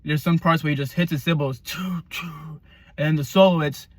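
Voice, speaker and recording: Excitable rambling man reviewing an album. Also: on the high side, normal speed, no room sound. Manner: rambling, repeats himself, lots of fillers; excitable, swears. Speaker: music reviewer.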